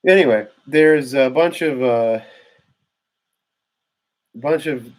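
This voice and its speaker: A man's voice: mid-range voice, slow. A man giving a rambling, casual history explainer, full of fillers and restarts, recorded indoors on a microphone. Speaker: history vlogger. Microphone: new desk microphone.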